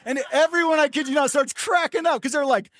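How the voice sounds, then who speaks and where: An older man preaching a sermon as pastor, telling a story with animated, acted-out quotes. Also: very high voice, a little fast, no room sound, clean studio sound.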